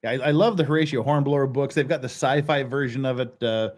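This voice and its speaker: A man's voice: mid-range voice, quick pace, darkish tone. A man talking as a guest in a casual chat, blunt and crude, laughing often.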